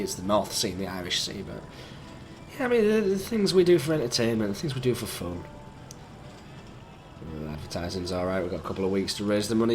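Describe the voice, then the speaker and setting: Croaky, sick young man. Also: fairly low pitch, slight background noise. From England. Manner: rambling, chatty, easygoing. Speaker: gaming YouTuber. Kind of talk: rambling let's-play commentary.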